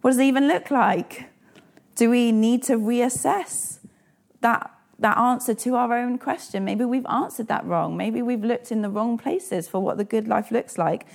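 A woman's voice: on the high side, a little slow, creaky. A woman in her thirties preaching a sermon in an earnest, personal way and asking the listeners direct questions.

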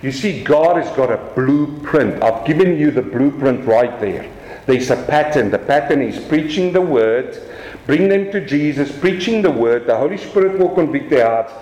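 A man with a South African accent preaching a lively sermon from the pulpit. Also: medium pitch, normal speed, echoey room, low-quality recording. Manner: animated preaching, swings from quiet to raised. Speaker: pastor.

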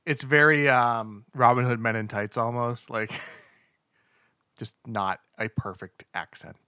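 A man's voice: mid-range voice, fairly even intonation, takes it slowly, bright, forceful tone, smooth, dry recording, studio quality. A man co-hosting a casual chat about movies, playful and teasing, laughing easily. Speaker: podcast co-host.

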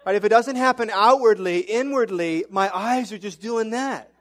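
Male pastor, high voice, animated sermon, self-mocking, middle-aged. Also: normal speed, hardly any pauses.

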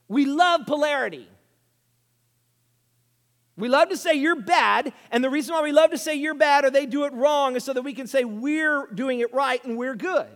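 A man preaching a sermon, swinging from hushed asides to loud, emphatic lines. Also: very high-pitched. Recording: reverberant hall.

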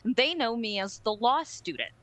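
A woman co-hosting a podcast, telling a story in a casual, animated and profane way and acting out other people's voices. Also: fairly high pitch, moderate pace, no echo, low-quality recording. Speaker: podcast co-host.

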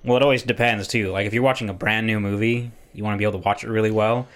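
A man's voice: lowish voice, steady tone, racing. A man co-hosting a podcast, chatting casually, rambling and swearing freely. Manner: rambling, swears often, laughs easily. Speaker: podcast co-host. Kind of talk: casual chat.

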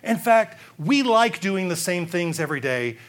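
A man preaching a sermon, animated and given to sarcastic asides. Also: high voice, normal speed.

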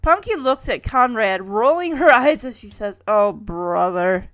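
Wry, lively woman recapping episodes. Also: sits high, moderate pace, no room sound. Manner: wry personal asides, chuckling while narrating. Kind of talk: casual episode recap narration.

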